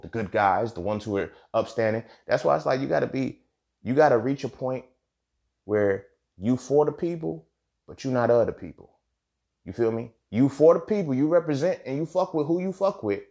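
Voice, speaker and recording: Here a young podcast host delivers a frank monologue on his own, packed with profanity. His voice sits at medium pitch with a darkish tone and clipped highs, and he keeps tossing in "you feel me" while repeating lines to make them land.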